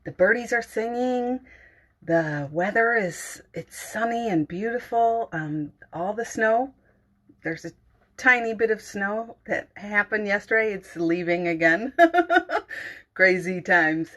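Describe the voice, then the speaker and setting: A middle-aged woman hosting a casual morning livestream from home, gentle and giggly, greeting viewers and reading their comments aloud. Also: mid-range voice, slow pace.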